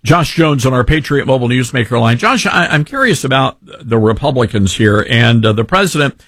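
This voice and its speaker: A man hosting a talk radio show, wry and animated with sarcastic asides. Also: mid-range voice, brisk, no room sound, studio quality. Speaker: radio host.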